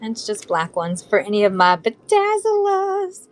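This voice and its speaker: A woman's voice: fairly high pitch, very animated, unhurried, hardly any pauses. A woman in her thirties from Southern California, selling jewelry supplies on a live stream in a chatty, bubbly way, talking straight to viewers. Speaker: live shopping seller.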